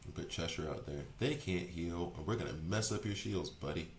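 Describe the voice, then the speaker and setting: A man streaming a video game, chatting casually and rambling as he second-guesses his choices out loud. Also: sits low, moderate pace, reverberant. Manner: chatty, rambling, self-correcting. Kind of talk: casual gameplay commentary.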